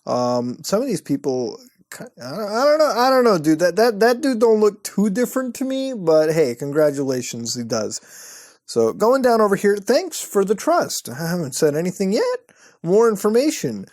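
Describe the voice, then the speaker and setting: A man's voice: high-pitched, sing-song, normal speed, a little mellow, no room sound, studio quality. A man hosting an online show, giving sarcastic, profane commentary as he browses and mocks websites. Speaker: host.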